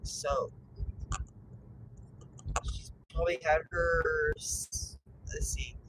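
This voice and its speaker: A woman in her fifties, a grandmother, chatting casually about her family's dogs, rambling and halting with many fillers and restarts. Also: low voice, wildly swooping pitch. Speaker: grandmother telling family stories. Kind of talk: casual storytelling chat. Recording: noisy with vehicle and background hum.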